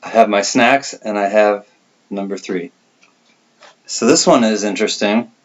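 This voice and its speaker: A man's voice: fairly low pitch, unhurried, dull audio. A man hosting a casual livestream, reading out viewer comments and rambling with a laid-back, laughing manner. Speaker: livestream host.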